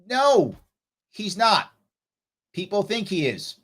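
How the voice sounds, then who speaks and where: Blunt, heated high-voiced man. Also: very animated, slow. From New York. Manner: blunt and heated, scolding a commenter. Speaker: political candidate hosting a livestream. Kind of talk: live-stream talk reading chat comments.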